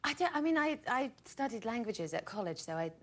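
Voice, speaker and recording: A woman's voice: fairly high pitch, big pitch swings, a little fast. Giggly, witty woman guest. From Britain. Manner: witty, giggly, playfully cheeky. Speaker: actress, talk show guest. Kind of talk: late-night talk show chat. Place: TV studio with audience.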